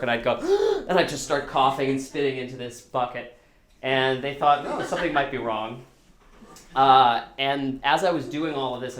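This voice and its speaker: A man's voice: mid-range voice, fairly bright tone. Guy telling a story at a live show, laid back, pokes fun at himself, echoey room. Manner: casual, self-deprecating, quotes others in dialogue. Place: small live storytelling venue.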